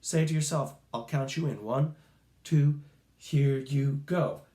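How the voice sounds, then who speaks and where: A man teaching a recorded music lesson to children, slow, patient and encouraging, sometimes making playful animal sounds. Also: mid-range voice, dark tone, reverberant.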